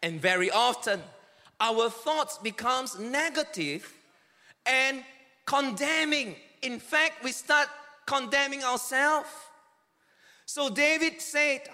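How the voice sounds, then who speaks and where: High-voiced preacher in a reverberant hall. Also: male voice, takes it slowly, sharp tone. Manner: earnest, emphatic preaching with dramatic quoted cries. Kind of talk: sermon. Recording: long reverb of a large hall.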